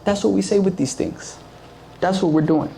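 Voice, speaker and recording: A man's voice: high voice, normal speed, vocal fry, dark tone, slight background noise. A young man giving a casual, conversational sermon to a youth group, full of fillers and acted-out quotes. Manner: conversational, filler-heavy, acts out quoted voices. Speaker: youth preacher.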